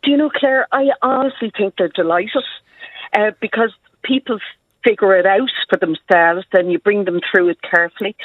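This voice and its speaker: A woman's voice: medium pitch, no room sound. An Irish woman historian, a guest on a radio interview, talking in a chatty, enthusiastic way and laughing often, heard over a tinny phone line.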